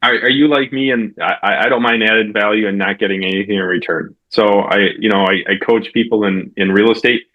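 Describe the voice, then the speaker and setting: A man's voice: lowish voice, steady tone, dull audio. A man hosting a business podcast and telling stories casually, acting out the quoted dialogue. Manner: fast storytelling with quoted dialogue. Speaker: podcast host, real estate coach. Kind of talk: casual interview chat.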